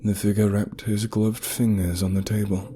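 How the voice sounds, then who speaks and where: Deep-voiced man narrating horror. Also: little pitch movement, moderate pace, dark tone, slight background noise. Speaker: storyteller.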